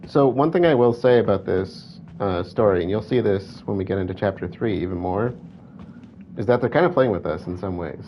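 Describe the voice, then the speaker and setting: A man's voice: on the low side, animated, fairly quick. Chatty man commentating a game. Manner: chatty, reads game text aloud, self-correcting. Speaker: gameplay commentator. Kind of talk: let's play commentary. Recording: dull lo-fi with faint hiss.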